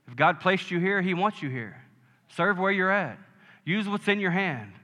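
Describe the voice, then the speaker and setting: A man's voice: high voice, lively intonation, moderate pace, sharp tone. A man preaching a sermon in a church, emphatic, calling for amens from the congregation. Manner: emphatic preaching with call-and-response. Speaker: pastor. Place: church sanctuary. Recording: echoey hall with long reverb.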